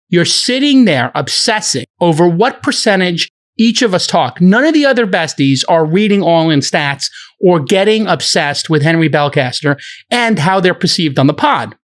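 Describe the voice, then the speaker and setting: A middle-aged man moderating a podcast, ranting heatedly in a profane, animated argument. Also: sits high.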